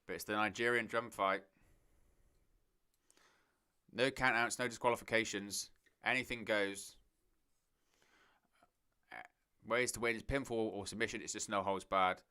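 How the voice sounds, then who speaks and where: Bright, crisp-voiced man commentating live. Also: fairly low pitch, fairly even intonation, moderate pace. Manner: chatty, thinking aloud, addresses viewers. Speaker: host of a wrestling watch-along stream. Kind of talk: live watch-along commentary, reading chat.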